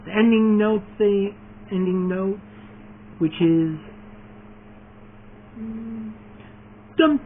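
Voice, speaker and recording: A video creator announces his fan series in a casual vlog, rambling through his plans with lots of fillers and restarts and eagerly tacking on one point after another. His voice sits high and steady at a slow pace with frequent pauses, recorded with a tinny, phone-like sound and faint noise.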